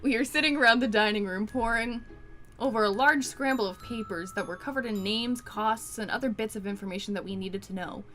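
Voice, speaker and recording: A woman's voice: on the high side, brisk, sharp tone, soft background music. A woman casually playing and reading a romance visual novel aloud, joking and swearing along the way. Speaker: game player and reader.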